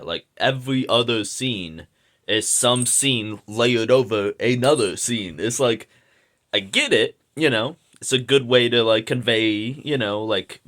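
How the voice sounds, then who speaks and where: A man with a hoarse, slightly sick voice, rambling through a casual video review with lots of fillers and slang. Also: medium pitch, fairly bright tone. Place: indoors at home.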